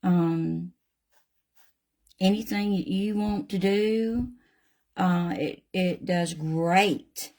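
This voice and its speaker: A woman's voice: on the low side, extremely slow, long pauses, a little mellow. An older woman with a Southern US accent, casually chatting through a painting demonstration in a folksy way and addressing viewers by name. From Southern United States. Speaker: craft channel host.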